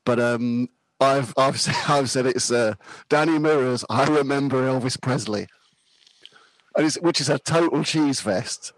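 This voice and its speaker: A man's voice: medium pitch, unhurried. A man in his fifties talks about music in a rambling, self-deprecating way, laughing easily. His voice sits in a middle register and sounds close and dry, with no room echo. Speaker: podcast guest. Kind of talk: casual chat about music.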